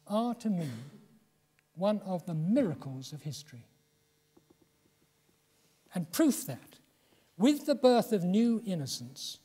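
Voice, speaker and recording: A man in his seventies from England giving a reflective public lecture, measured and slowing for emphasis. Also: high-pitched, warm tone, slightly rough. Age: 70s. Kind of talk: public lecture and poetry reading. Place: lecture hall. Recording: long hall reverb.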